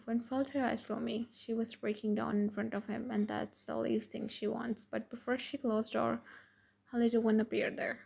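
A woman reading a fan fiction story aloud in plain, even narration. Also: a little high, moderate pace, creaky, slightly rough.

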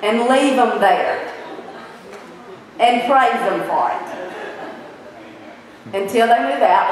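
A woman preaching a sermon in an animated way, putting questions to her listeners. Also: mid-range voice, slow, pauses often, crowd noise. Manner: animated, asks the audience questions. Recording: echoey hall from far off.

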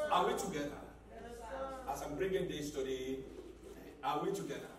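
A man preaching a sermon as a pastor, repeating phrases and building up to shouts. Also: a little high, normal speed, a crowd in the background. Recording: echoey hall, mic at a distance.

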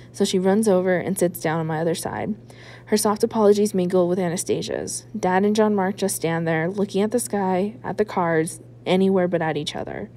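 Mellow woman reading a children's book. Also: medium pitch, slight background noise. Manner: expressive first-person narration. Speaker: librarian reading aloud. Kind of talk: children's book read-aloud.

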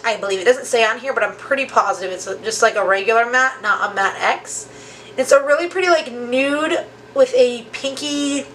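Young woman, high bright voice, chatty makeup vlog, self-deprecating, filler-heavy, faint room hiss. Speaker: beauty vlogger. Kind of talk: casual makeup tutorial chat. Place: home vanity room.

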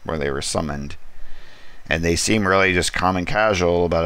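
A man hosting a casual comic book review, rambling through the plot with relaxed asides and frequent ums. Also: sits low, normal speed, smooth, dry recording.

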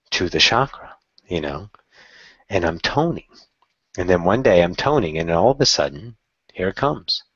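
A man casually telling a personal story in a candid, excitable way, swearing now and then. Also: low-pitched, breathy edge, no echo, dull audio. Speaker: channeler telling his story.

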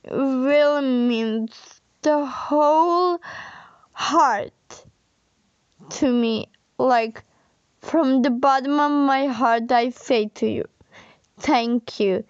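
Crying young woman on a vlog, super slow and halting, dry dull-sounding mic. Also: high-pitched, no echo. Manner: tearful, overwhelmed, halting with fillers. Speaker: vlogger. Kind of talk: emotional thank-you vlog.

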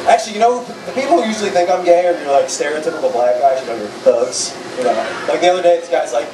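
A man's voice: a little high, expressive, fast talker, few pauses, noisy background. A young man doing a stand-up comedy set in a bar, self-deprecating and chatting with the audience. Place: bar stage before a live audience. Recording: echoey bar room from far off, loud crowd.

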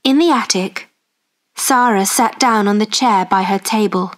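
Slow clear woman storyteller. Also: mid-range voice. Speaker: story narrator. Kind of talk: slow graded-reader narration.

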